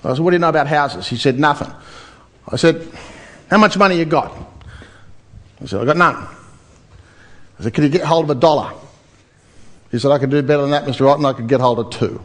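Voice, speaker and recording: A man's voice: mid-range voice, fast talker, long pauses. An Australian man giving a motivational property seminar, telling stories and firing questions at the audience. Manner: energetic, storytelling, questions to audience.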